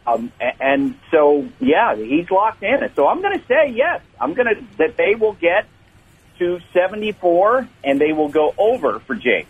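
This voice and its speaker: Sports guy phoning into radio, raspy voice, sounds like a thin phone line, casual and jokey. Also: high-pitched, big pitch swings, moderate pace. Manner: joking, conversational. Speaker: sports reporter guest.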